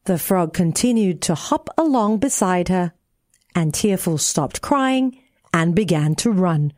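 Woman storyteller, children's tale, unhurried and gentle, very dry studio sound. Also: lowish voice, no echo. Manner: slow, gentle, expressive reading. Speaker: radio DJ narrating a children's story. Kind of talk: storybook narration.

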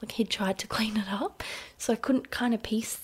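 A woman in her thirties with an Australian accent, casually telling a personal story in an interview with lots of "like" fillers and a hushed voice at times. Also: on the high side, steady tone, normal speed, husky. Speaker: interview guest.

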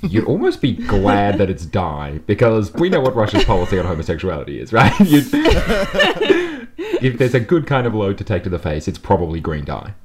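Man with a very deep but wildly swinging voice, rambling comic riffs, laughs through his lines. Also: wildly swooping pitch, normal speed. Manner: rambling, giggly, self-correcting asides. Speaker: comedy panel co-host. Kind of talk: casual comedic banter.

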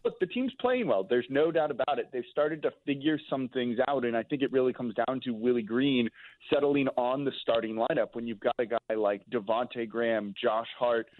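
A man calling in as a team analyst on sports talk radio, giving steady, detailed analysis. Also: mid-range voice, normal speed, no room sound. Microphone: phone call. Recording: tinny phone line.

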